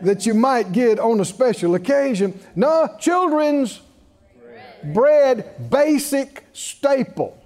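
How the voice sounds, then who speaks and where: A male preacher delivers a sermon in a high, lively voice that swoops up and down for emphasis. He takes his time, pressing points slowly and urging the congregation to answer back, breaking in with chuckling asides.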